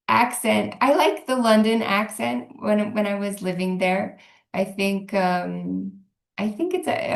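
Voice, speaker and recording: A woman's voice: medium pitch, gravelly. A woman from Northern Ireland with a Northern Irish accent, an English teacher answering interview questions earnestly and thoughtfully. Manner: thoughtful, earnest, restarts words. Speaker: English language teacher, guest. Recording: echoey room.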